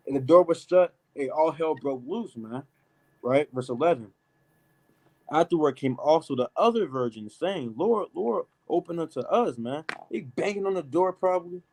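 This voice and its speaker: A man leading a casual, animated Bible study, reading verses and adding emphatic asides like "man" and "right?". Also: a little high, rough recording. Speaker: Bible teacher. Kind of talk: street-style Bible study preaching.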